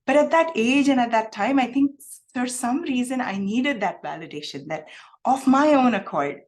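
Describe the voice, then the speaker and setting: Woman telling a halting personal story. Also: medium pitch. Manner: reflective, halting, many fillers. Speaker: guest speaker.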